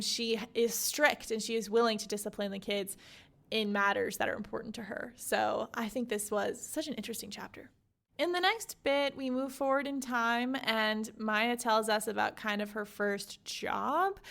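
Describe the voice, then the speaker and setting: Young adult woman, book podcast host, a touch high-pitched, casual and chatty summarizing. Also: gravelly. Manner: chatty and animated, full of "like" and "you know". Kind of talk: casual book summary with read-aloud excerpts.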